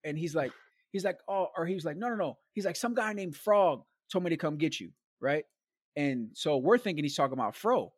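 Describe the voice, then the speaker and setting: A guest storyteller with a fairly high-pitched voice talks fairly quickly, recorded at studio quality with no room sound. His long story meanders casually and animatedly, packed with slang and repeated "like," "man" and "bro."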